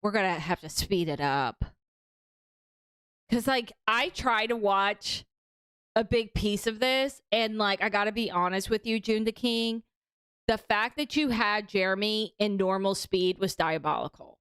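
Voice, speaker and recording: A woman's voice: medium pitch, a little slow, fairly bright tone, clear, resonant tone, dry recording. A young woman streaming casual reaction commentary, talking in a chatty, mocking way with lots of fillers.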